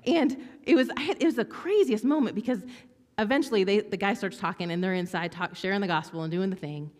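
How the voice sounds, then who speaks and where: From a church stage in a large hall, a woman with a medium-pitched voice preaches a sermon at a fast clip. She tells stories, swinging lively between hushed whispers and bright exclamations.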